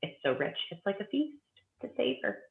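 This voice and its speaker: A woman's voice: on the low side, sing-song, a little fast, gravelly. A woman guest gushing enthusiastically about books in a casual chat, with lots of fillers. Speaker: guest author. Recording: tinny remote phone line with echo.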